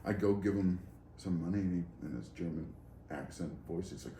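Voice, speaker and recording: A man's voice: low voice, brisk, warm tone. A man co-hosting a casual chat, talking in a laid-back, rambling, self-mocking way. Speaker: co-host. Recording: roomy garage with faint background noise.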